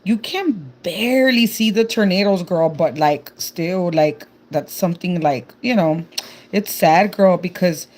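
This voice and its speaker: A woman's voice: on the low side, unhurried, darkish tone. A young woman with a Texan accent chatting casually on a live stream, reading viewer comments aloud and calling everyone "girl". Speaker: livestreamer.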